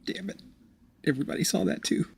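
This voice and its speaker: A man hosting a let's play, commenting on the game with loud, profane reactions and self-mocking jokes. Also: fast talker, slight background noise. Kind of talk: gameplay commentary.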